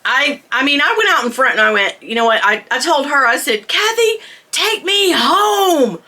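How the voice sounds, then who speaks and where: A middle-aged woman vlogger telling a storytime, chatty and animated, laughing often. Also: on the high side, brisk. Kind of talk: storytime chat.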